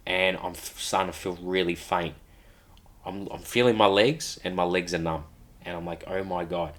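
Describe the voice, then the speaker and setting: Deep-voiced man telling a gripping story. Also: a bit bright. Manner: earnest, vivid retelling with acted-out quotes. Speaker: podcast guest. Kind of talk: personal storytelling in a podcast interview.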